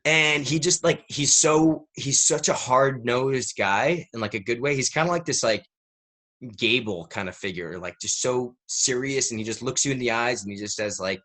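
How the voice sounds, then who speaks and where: At a moderate pace and medium pitch, an American man in his thirties rambles through a story as a podcast guest. He's animated and casual, peppering his talk with "like."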